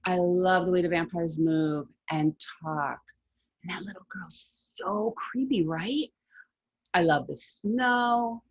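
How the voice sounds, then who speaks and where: A woman's voice: lowish voice, lively intonation, slow pace, vocal fry. A woman hosting a casual countdown of favorite horror films, chatty and enthusiastic with playful asides. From lived in New England. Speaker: horror film commentator. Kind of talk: casual film countdown commentary.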